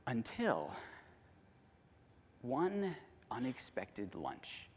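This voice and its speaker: Animated man in a reverberant hall. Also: mid-range voice, very slow, husky. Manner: animated, addresses the audience directly. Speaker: conference keynote speaker. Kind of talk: storytelling conference talk. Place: large conference hall.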